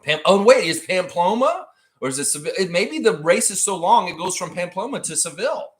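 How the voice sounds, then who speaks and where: Brief: male stream host, casual chat, lively sweeping pitch. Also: fairly quick. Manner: animated, rambling storyteller. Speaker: livestream host.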